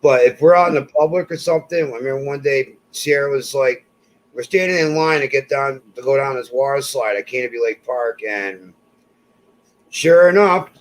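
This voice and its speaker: A man's voice: medium pitch, moderate pace, poor audio. A man in casual conversation, telling personal stories and acting out the voices of people he quotes. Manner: animated, acts out quoted voices. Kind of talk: casual storytelling chat.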